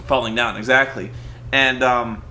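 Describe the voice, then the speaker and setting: A man's voice: mid-range voice, fairly even intonation, measured pace, sharp tone, echoey room, slight background noise. A man who is a movie reviewer, chatting casually and animatedly with his brother, stammering and acting out quotes from the film.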